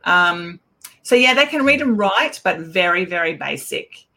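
A middle-aged woman, an Auslan educator giving a casual talk with lively anecdotes and acted-out exchanges. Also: lowish voice, unhurried. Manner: animated storyteller, acts out quoted exchanges.

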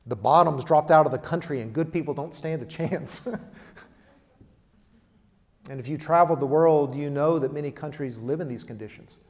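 A man's voice: a little high, normal speed, long pauses. Emphatic preacher man in a reverberant hall. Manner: emphatic preaching, swings between loud declarations and quiet asides. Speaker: pastor. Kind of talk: sermon.

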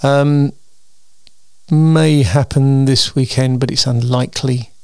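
Gravelly, tired man rambling. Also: mid-range voice, fairly even intonation, slow pace, dry recording, studio quality. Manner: chatty, meandering, with frequent ums and restarts. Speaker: host of a weekly solo show. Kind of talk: casual rambling monologue.

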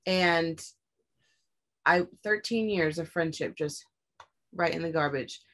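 Blunt, profane young woman telling a story. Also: slow pace. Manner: candid and profane, acts out her own quoted lines with sharp rises in pitch. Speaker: guest telling her story. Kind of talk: casual storytelling in conversation.

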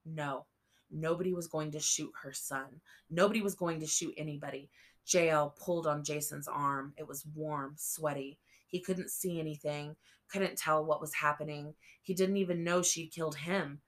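A woman reading a novel aloud as an audiobook narrator, slow and measured. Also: low voice, fairly even intonation. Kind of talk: scripted narration.

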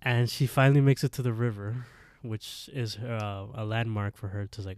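A man's voice: lowish voice, level tone, moderate pace, hardly any pauses, a little mellow, clean tone. A man co-hosting a podcast, animatedly retelling a story in casual chat and laughing often. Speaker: podcast co-host.

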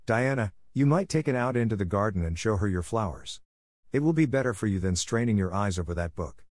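A man's voice: lowish voice, lively intonation, fairly quick, a little mellow, no echo, studio quality, natural voice. A man voicing a tall, strict mother in a storybook, polite on the surface and firm underneath.

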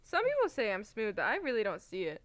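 A woman's voice: mid-range voice, wildly swooping pitch, fast talker, fairly bright tone, no echo. A young woman co-hosting a podcast in casual chat, giggly and saying "like" a lot. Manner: giggly, laughs until tearful, says "like" often. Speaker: podcast co-host.

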